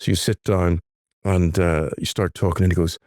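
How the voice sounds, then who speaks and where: A man's voice: low voice, steady tone, normal speed, a little mellow, dry recording, studio quality. A man co-hosting a podcast, chatting casually and telling stories, acting out the voices of the people he quotes. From Ireland. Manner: storytelling, acts out quoted voices. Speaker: podcast co-host. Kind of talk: casual chat, anecdotes. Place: London.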